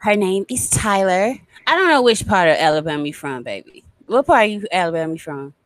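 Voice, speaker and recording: A woman's voice: mid-range voice, very animated, brisk, no echo, low-quality recording. A woman hosting a podcast in casual chat, brash and laughing as she talks. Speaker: podcast host.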